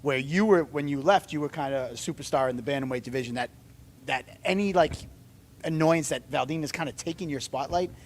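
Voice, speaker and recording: A man moderating a fight press conference with a somewhat high voice. He reads out questions casually, joking and teasing with a playful ease. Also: brisk, a little hiss or hum. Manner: playful, joking, laughs often.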